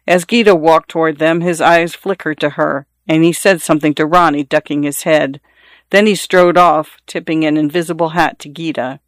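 Measured narrator reading literary fiction. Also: mid-range voice, dry recording, clean studio sound. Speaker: audiobook narrator.

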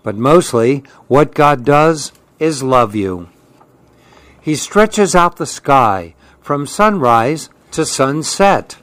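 A man reading a children's storybook aloud in a calm, unhurried way. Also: mid-range voice, no room sound. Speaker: storybook reader.

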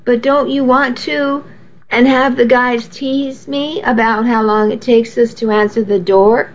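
A woman's voice: a little high, steady tone, unhurried, muffled recording, natural voice. A woman reading the lines of an easygoing, joking adult husband in an audiobook. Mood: teasing.

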